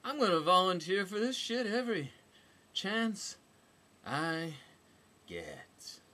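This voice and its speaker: A man's voice: high voice, very animated, slow, voice pushed up, heavily acted. Man voicing a brash foul-mouthed soldier woman. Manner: crude, loud, sarcastic.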